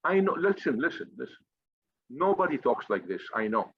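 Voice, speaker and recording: A man with a husky, slightly breathy voice delivers a fiery, profane motivational rant, blunt and combative. The recording is dry and close, with a dull, somewhat lo-fi sound. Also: mid-range voice, sing-song, normal speed, dry recording. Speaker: finance group leader. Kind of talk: impassioned motivational monologue.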